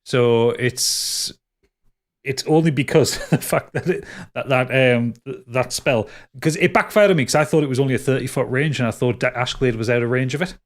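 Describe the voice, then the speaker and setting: A man's voice: medium pitch, moderate pace. A man as game master, wrapping up a tabletop podcast episode in rambling, upbeat casual chat. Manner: rambling, lots of restarts and laughs, upbeat.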